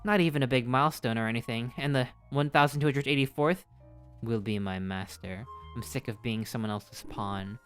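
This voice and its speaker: A man's voice: medium pitch, moderate pace, faint music behind, natural voice. A man reading aloud as an arrogant evil knight who was once a childhood doll, in a melodramatic villain delivery. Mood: menacing. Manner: melodramatic villain reading, swings to panicked shouting. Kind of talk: reading game dialogue aloud.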